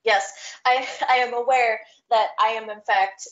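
A woman guest on a podcast, chatting casually over a video call, animated and laughing as she acts out scenes. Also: fairly high pitch, a little slow, highs cut off, noisy background. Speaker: returning guest.

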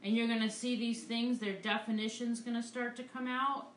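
A woman's voice: a little high, flat delivery, normal speed, reverberant, slight background noise. A woman art teacher giving a live painting demonstration, upbeat and encouraging as she talks through each stroke. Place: art studio.

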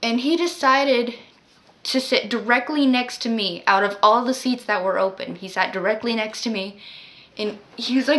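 A woman's voice: a little high, normal speed, fairly bright tone. A woman telling a story to her vlog in a casual, rambling way, full of "like" and exasperated asides. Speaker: vlogger.

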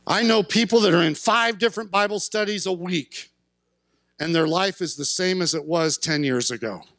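A male pastor delivering a sermon in a church sanctuary, his voice sitting high for a man. He preaches earnestly and climbs into fervent shouts at the peaks. The sound is close and dry, with little room around it. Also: moderate pace, no echo. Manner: impassioned, rising to shouts at peaks.

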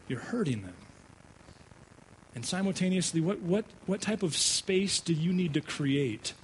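A male pastor preaching a sermon, telling a personal story with animated delivery and frequent stammered restarts. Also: fairly high pitch, a little hiss or hum, poor audio. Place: church sanctuary.

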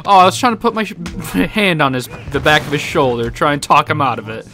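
A young man narrates his gameplay with playful jokes and frequent laughter. His voice is bright and forceful, and it sits a little high. He yelps and groans through his mishaps. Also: fairly quick, faint music behind. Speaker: gaming YouTuber. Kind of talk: let's-play commentary.

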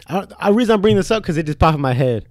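A man co-hosting a casual podcast, telling stories in an animated, profane way and calling his friends "dog.". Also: sits high, very fast, no echo, studio quality. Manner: profane animated storyteller, says "dog" a lot. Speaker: podcast co-host. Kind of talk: casual chat.

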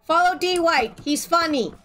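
High, lively woman streamer, playful. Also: normal speed, soft background music. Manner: playful, giggly, chatty. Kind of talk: casual gaming chat.

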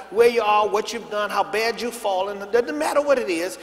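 A man's voice: high voice, brisk, hardly any pauses, a little hiss or hum. A man a sermon as pastor, calling out to the congregation to repeat his words and answer him. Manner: preaching with call-and-response to the congregation. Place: large church sanctuary. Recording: long reverb of a big hall.

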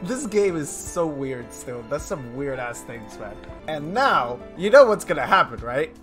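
A man from Colombia giving chatty, excitable gameplay commentary on a live stream, joking at his own expense and talking to viewers. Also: fairly high pitch, unhurried. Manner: excitable, chatty, self-mocking, talks to chat. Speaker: game streamer. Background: faint game music.

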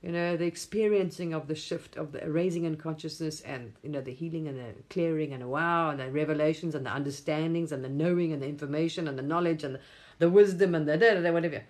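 Woman, spiritual stream host, effusive rambling talk, laughs a lot, lowish voice. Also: fairly even intonation, fast talker, a little mellow. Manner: effusive, gushing, laughs often, swears casually.

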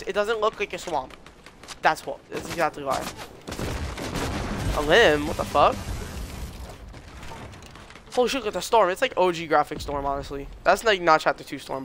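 A young man streaming a shooter game, reacting loudly, swearing often and yelping when surprised. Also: on the high side, noisy background. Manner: excitable, swears a lot, yelps and shouts in reaction. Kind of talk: live gameplay commentary.

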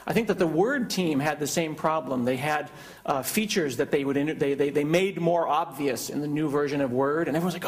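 Brief: male keynote speaker, live software demo, jokey and conversational, slightly higher-pitched voice. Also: brisk, hardly any pauses. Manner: joking, conversational.

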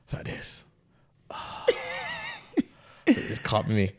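A young man telling a long story in casual chat, laughing often and full of slang. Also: slow pace. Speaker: podcast co-host.

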